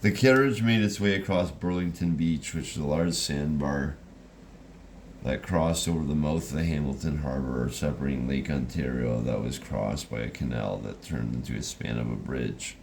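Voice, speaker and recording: A man's voice: extremely low pitch, moderate pace, creaky, a little hiss or hum. A man narrating a storybook reading in a loose, rambling way with restarts.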